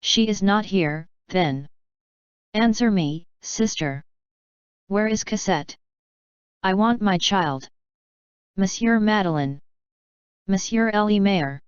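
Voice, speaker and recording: A woman's voice: mid-range voice, animated, slow, pauses often, smooth, no echo, dull audio. A woman reading the part of a dying young mother who pleads desperately and tremblingly, in an audiobook.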